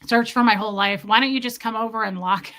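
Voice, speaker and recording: A woman in her thirties chatting casually as a vlogger, self-mocking and prone to loud dramatic outbursts. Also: on the high side, fairly even intonation, fast talker, slight background noise. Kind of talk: casual chat.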